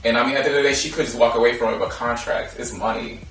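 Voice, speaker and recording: A man who is a podcast guest, debating in a rapid way with lots of restarts and fillers. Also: medium pitch, steady tone, a bit bright, slight background noise. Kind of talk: casual debate. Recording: echoey room, mic at a distance.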